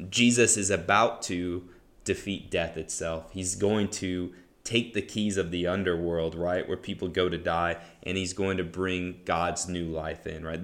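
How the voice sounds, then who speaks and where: Low-voiced man teaching casually. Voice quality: relaxed, conversational, lots of "right?" and "um". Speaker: podcast host teaching the Bible.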